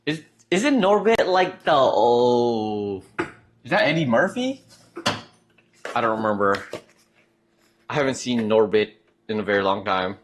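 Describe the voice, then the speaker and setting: A man's voice: medium pitch, sing-song, measured pace, long pauses, slight background noise. A man streaming live, chatting casually and reading out chat messages, trailing off and restarting as he goes.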